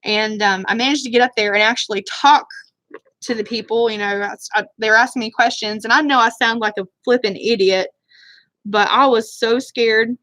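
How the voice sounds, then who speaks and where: A woman's voice: a little high, sharp tone, dry recording. A woman telling a rambling, self-deprecating story in casual chat while doing her makeup on a live stream, with a Southern US accent. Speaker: beauty vlogger. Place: home room, live stream.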